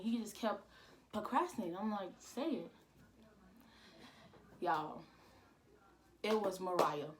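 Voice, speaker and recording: A woman's voice: mid-range voice, a little hiss or hum. Young woman telling a rambling storytime. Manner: rambling, repeats "I'm like", slangy, animated when quoting. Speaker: vlogger. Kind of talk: casual storytime.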